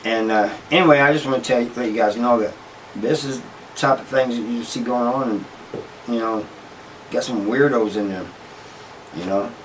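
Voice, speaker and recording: Male host, mid-pitched, loose rambling storyteller, recorded a bit off-mic. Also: moderate pace, pauses often, far from the mic, slight background noise, low-quality recording. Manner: rambling, with frequent restarts and "you know" asides. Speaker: channel host telling prison stories. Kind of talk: casual storytelling to camera.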